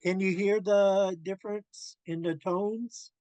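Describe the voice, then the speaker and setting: A man teaching a language class, drilling pronunciation slowly and carefully and laughing often. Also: sits high, steady tone, warm tone, no echo.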